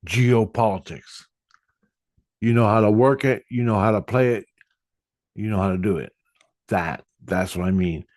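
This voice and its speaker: A middle-aged man, a spiritual vlogger, tells a rambling personal story about his spiritual experiences, bluntly and with plenty of profanity as he meanders along. His voice sits on the low side and is a little mellow, with no room sound.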